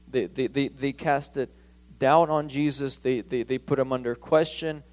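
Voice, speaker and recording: A man delivers a sermon in a church with an emphatic, pressing delivery. He often stumbles over his phrases and restarts them as he drives his point home. His voice sits at a middle pitch for a man. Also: fairly even intonation, measured pace, a little mellow. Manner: emphatic, with frequent stammered restarts. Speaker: preacher.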